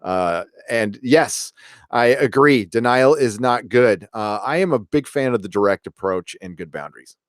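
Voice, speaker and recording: A man hosting a casual live stream, reviewing an episode and reading out viewer comments in a rambling, relaxed way. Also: mid-range voice, normal speed, no echo, studio quality. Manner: rambling and relaxed, many fillers and restarts.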